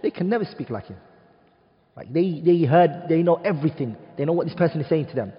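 A man's voice: a little high, animated, fairly quick. A man from the UK lecturing an Arabic studies class, emphatic, posing rhetorical questions to the room and dropping Arabic terms into his English. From United Kingdom. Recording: dull, reverberant classroom recording.

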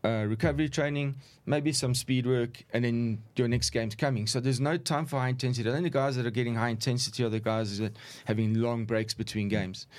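A middle-aged former football referee, relaxed and anecdotal, telling stories in a conversational interview. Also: male voice, mid-range voice, brisk, hardly any pauses. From South Africa. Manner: relaxed, anecdotal, chuckles while recounting. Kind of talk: conversational storytelling.

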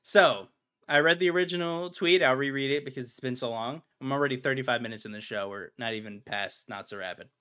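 Male podcast host, young adult, bright, emphatic, prone to ranting. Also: mid-range voice, fairly quick, smooth. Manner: ranting, emphatic, repeats himself. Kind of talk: casual podcast chat.

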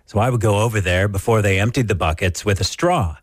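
A man's voice: lowish voice, fast, dry recording, clean studio sound. A man co-hosting a casual radio show, telling jokey stories from home and acting out the voices of people he quotes. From Canada. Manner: jokey storyteller who acts out quoted voices. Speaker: radio co-host. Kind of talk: casual morning radio banter. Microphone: studio microphone.

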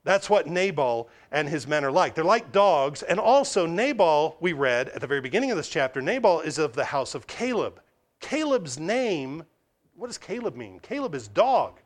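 A man preaching an expository sermon, reading scripture aloud and explaining it with frequent restarts and little acted asides. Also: a little high. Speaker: pastor.

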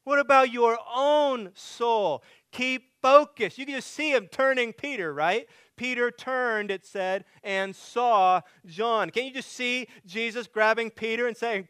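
Man preaching with loud, hushed swings. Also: very high voice, a little slow, smooth, no room sound. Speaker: pastor. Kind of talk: sermon.

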